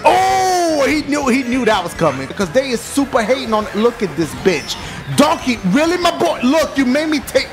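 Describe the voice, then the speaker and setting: A man giving loud, excited let's-play commentary, full of profane trash talk and yelling. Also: very high-pitched, moderate pace. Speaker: gaming commentator. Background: game music.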